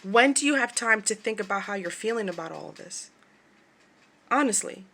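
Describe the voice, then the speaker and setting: A woman's voice: medium pitch, animated, normal speed, sharp tone. Chatty, laughing woman vlogger. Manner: chatty, laughs often, imitates other people's voices. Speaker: craft shop owner vlogger. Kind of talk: casual chat to camera.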